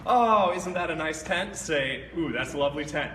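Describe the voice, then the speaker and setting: A man animatedly leading children through a pretend hike as a recruiting pitch. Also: expressive, normal speed, sharp tone. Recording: echoey hall with long reverb, distant mic, noise.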